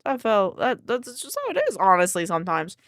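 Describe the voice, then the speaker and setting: A woman's voice: mid-range voice, big pitch swings, a little fast, a bit bright, no echo, studio quality. Sleepy, laid-back young woman streamer. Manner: sleepy, laid-back, chatting while counting exercise reps. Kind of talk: casual chat with live chat.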